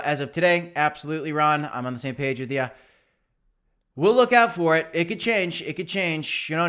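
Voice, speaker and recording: A man's voice: fairly high pitch, a bit bright. A young man hosting a casual livestream, chatty and upbeat, reading out viewers' comments and answering them. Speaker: crypto channel host.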